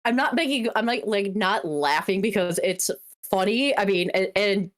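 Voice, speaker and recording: A woman's voice: medium pitch, normal speed. A woman co-hosting a game stream in casual chat, chatty and giggly.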